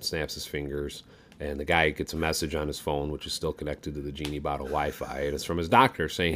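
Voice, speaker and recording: A man's voice: extremely low pitch, level tone, fairly quick, fairly bright tone, slight background noise. A man co-hosting a podcast, telling a long joke in a rambling, casual way with fillers and swearing. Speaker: podcast co-host.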